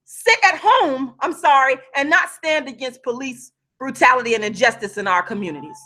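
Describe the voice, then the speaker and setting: A woman giving heated, impassioned commentary on a video call, swearing and raising her voice, then pausing to apologize for yelling. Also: high-pitched, expressive. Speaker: vlogger.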